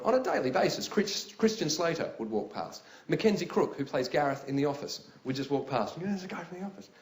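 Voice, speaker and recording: A man doing stand-up comedy, telling a story in an animated, conversational way. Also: mid-range voice. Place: theatre stage. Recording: echoey live theatre with audience.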